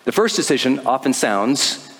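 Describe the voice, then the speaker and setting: A man's voice: medium pitch, normal speed. A man giving a motivational talk to a live audience, telling a story and acting out the voices in it. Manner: animated storytelling, acts out quoted voices. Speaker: motivational speaker. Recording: long hall reverb.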